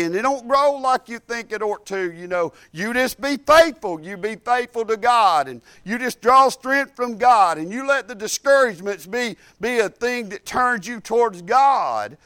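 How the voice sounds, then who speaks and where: A man's voice: high voice, fairly bright tone, clean tone, no echo, clean studio sound. A man preaching a sermon to a church, repeating phrases and building in emphatic bursts. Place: church service.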